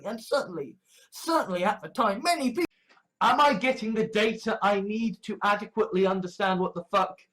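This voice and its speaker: A man's voice: extremely high pitch, a bit bright, poor audio. A young man, rambling through monologue clips with heavy swearing and many restarts. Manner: profane, rambling, with frequent restarts. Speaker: amateur sermon vlogger.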